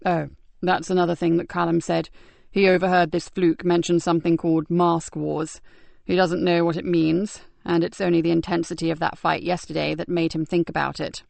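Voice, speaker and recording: A woman voicing a calm, thoughtful male detective sergeant in an audiobook, speaking in a measured way. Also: fairly low pitch, vocal fry, dry recording. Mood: pensive. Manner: measured and pensive. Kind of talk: audiobook character voice.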